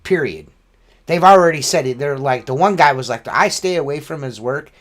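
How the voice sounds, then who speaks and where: A window cleaning business owner chatting on a podcast, rambling and profane, with constant "you know what I mean" fillers. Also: male voice, on the high side, lively intonation, moderate pace. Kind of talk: casual podcast chat.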